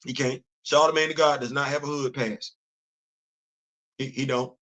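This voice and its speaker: A man hosting a comedic live-stream commentary, talking in an animated, teasing, emphatic way. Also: mid-range voice, normal speed. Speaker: host.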